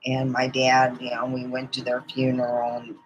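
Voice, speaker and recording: A woman's voice: a bass voice, monotone, normal speed, dull audio, a little hiss or hum. A middle-aged woman telling rambling personal stories in a casual vlog, laughing often as she goes. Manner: rambling, chatty, laughs often mid-story. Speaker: vlogger.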